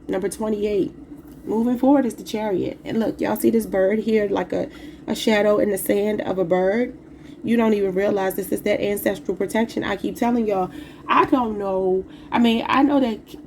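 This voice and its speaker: A woman's voice: medium pitch, dark tone, a little hiss or hum, poor audio. A woman giving a casual tarot reading, talking informally to her viewers and calling them y'all. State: slightly sick and emotional. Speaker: tarot reader.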